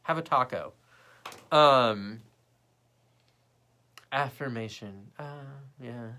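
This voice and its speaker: A young man hosting a casual livestream, chatting to viewers bluntly and profanely while mimicking people in quick bits. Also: medium pitch, bright, forceful tone. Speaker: livestream host. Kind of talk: casual live chat reading viewer comments.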